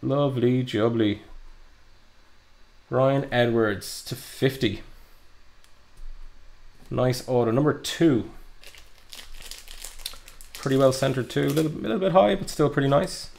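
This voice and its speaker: A man's voice: mid-range voice, slow, gravelly, long pauses, darkish tone. A young man giving chatty, upbeat live commentary while opening trading card packs, with frequent ums and uhs. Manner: chatty, upbeat, lots of fillers. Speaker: card breaker.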